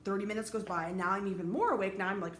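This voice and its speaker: A woman's voice: medium pitch, steady tone, very fast, reverberant, slight background noise. A woman, a teacher, telling a personal story in a casual, rambling way, full of fillers and restarts.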